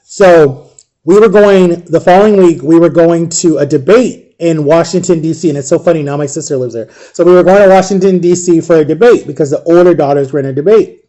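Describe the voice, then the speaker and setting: A man in his thirties from Ohio, telling a personal story in a casual, rambling way and dropping to a near hush at the emotional moments. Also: a little high, brisk. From Ohio, USA. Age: 30s. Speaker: vlogger.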